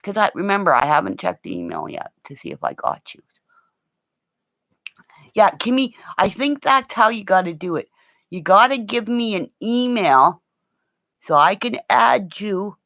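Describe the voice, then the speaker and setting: A middle-aged woman hosting a rambling, casual livestream chat, excitable, gasping and dropping into whispers. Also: mid-range voice, measured pace, vocal fry, dry recording, studio quality. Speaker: livestream host.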